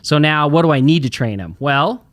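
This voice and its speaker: A man co-hosting a business podcast, talking easily and thinking aloud with plenty of fillers. His voice sits somewhat high for a man. The recording is close and dry. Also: lively intonation, normal speed, dry recording. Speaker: podcast co-host. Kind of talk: casual business podcast chat.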